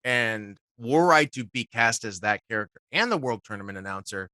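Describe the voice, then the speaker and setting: A man, a guest voice actor, telling animated stories in casual talk and swearing freely. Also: mid-range voice, moderate pace, no echo, studio quality. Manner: swears casually, acts out quotes. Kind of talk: animated storytelling.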